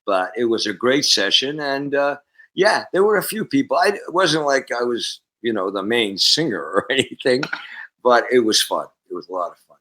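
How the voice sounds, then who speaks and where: A man in his sixties from Canada, a musician guest telling stories in a casual interview, animated and acting out the voices. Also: mid-range voice, normal speed, low-quality recording.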